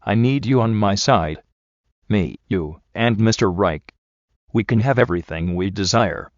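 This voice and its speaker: A man voicing a smooth, menacing male motivational speaker who talks in a slow, persuasive, coaxing way. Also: lowish voice, lively intonation, dry recording, highs cut off.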